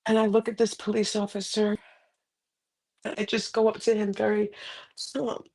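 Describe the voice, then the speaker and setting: A woman's voice: completely flat delivery, moderate pace, a little mellow. Middle-aged woman telling an emotional story. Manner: dramatic, with sudden rises in pitch and volume. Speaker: author and motivational speaker. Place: indoors on a carpeted floor.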